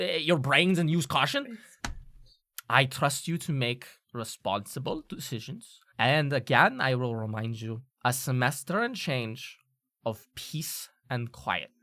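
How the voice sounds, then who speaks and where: A game master voicing a stern, weary woman professor in a tabletop game, speaking dryly and deliberately. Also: mid-range voice, a bit bright, dry recording. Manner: dry, deliberate, exasperated.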